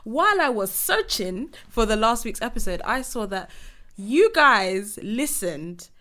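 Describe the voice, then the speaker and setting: Bright-voiced giggly young woman. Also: a little high, a little slow. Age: 20s. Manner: giggly, animated. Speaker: podcast co-host. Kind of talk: casual chat.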